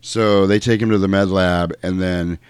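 Low-voiced man recapping a film. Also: normal speed, clear, resonant tone, no echo. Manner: animated, acts out quotes. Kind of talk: casual film recap chat.

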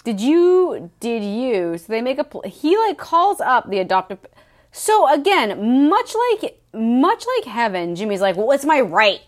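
A woman's voice: fairly high pitch, sing-song, unhurried. A woman co-hosting a casual podcast, recapping a book with mocking jokes, swearing and playful asides. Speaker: podcast co-host.

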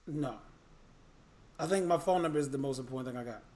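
A man co-hosting a podcast from home in casual chat, quiet and sheepish. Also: medium pitch, fast talker, noisy background. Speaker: podcast co-host.

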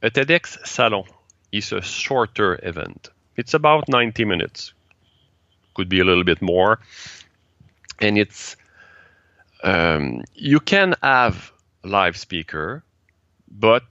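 A man from Quebec with a French-Canadian accent, a native French speaker being interviewed about the events he organizes, speaking halting English and searching for words. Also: on the low side, very animated, sharp tone, no echo, muffled recording. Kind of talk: casual interview chat.

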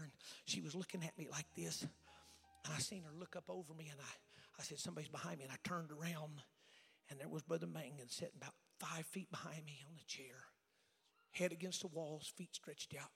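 A male evangelist preaching a revival sermon with folksy asides, swinging between fiery shouts and hushed, near-whispered passages. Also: fairly high pitch, fairly even intonation, fairly quick, creaky, slightly rough. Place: church sanctuary. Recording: long hall reverb with faint music.

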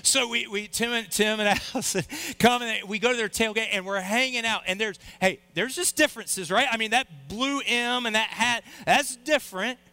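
A middle-aged man preaching a sermon, telling a personal story with lively, acted-out quotes. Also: sits high, normal speed, smooth. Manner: animated storyteller, acts out quoted voices. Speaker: pastor.

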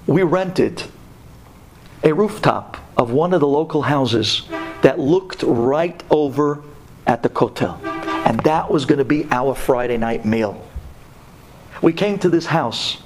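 A man from Brooklyn telling a religious story on the radio, swinging from hushed words to loud, half-sung ones. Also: fairly high pitch, animated, slow pace, long pauses, soft background music. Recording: radio talk recording.

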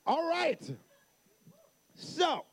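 A young man with a notably high voice addresses a youth camp crowd, teasing people as they find seats. He tells stories with animated energy, acting out each line of dialogue. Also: very slow. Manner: playful banter with the crowd. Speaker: camp speaker. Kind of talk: live youth-camp talk with storytelling.

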